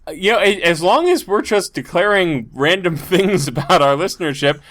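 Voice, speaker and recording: Man, podcast co-host, casual chat, bright tone, very lively pitch. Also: moderate pace. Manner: animated, wordy jokes.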